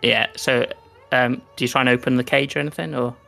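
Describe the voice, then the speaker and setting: Gravelly-voiced man running a tabletop game. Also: medium pitch, steady tone, music in the background. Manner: halting, many fillers and restarts. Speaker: game master.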